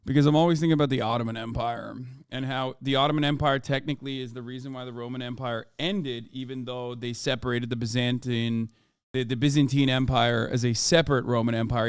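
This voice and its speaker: A man's voice: mid-range voice, clean tone, dry recording, studio quality. A man streaming a reaction to the news, ranting in a heated, sweary, emphatic way. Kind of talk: profane live-stream rant.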